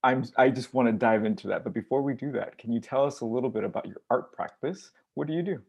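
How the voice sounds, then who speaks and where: A man's voice: mid-range voice, fast, gravelly, husky, highs cut off. A man hosting a podcast, asking questions in an earnest, enthusiastic way. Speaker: podcast host. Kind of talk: podcast interview.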